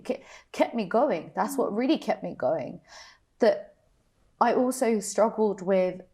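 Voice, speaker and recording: A woman's voice: mid-range voice, a little mellow. Young woman telling a sad personal story, stops and restarts a lot, talk show panel. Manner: emotional, halting, repeats herself. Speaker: panel guest.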